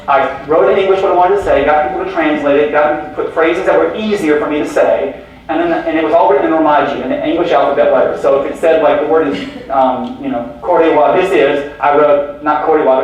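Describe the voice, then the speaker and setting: A man giving a conference keynote as stories, joking and quizzing the audience with questions. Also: fairly high pitch. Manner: animated, jokey, addresses audience with questions. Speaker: keynote speaker. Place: large lecture hall. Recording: very echoey hall from far off.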